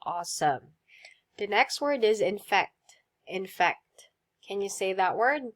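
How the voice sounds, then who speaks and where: Slow, patient woman teaching vocabulary. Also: mid-range voice, animated. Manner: slow, clear drills with repeat prompts and praise. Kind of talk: vocabulary lesson for kids.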